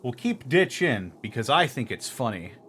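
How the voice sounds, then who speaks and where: A man's voice: medium pitch, big pitch swings, normal speed, a bit bright. A man streaming a video game live, commenting with wry, joking asides. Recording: noisy background hiss.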